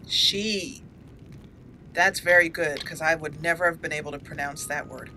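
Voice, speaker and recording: A woman's voice: deep voice, moderate pace, bright, forceful tone, a little hiss or hum, poor audio. A woman hosting a let's play, chatting casually over gameplay, giggly and talking back to the characters on screen.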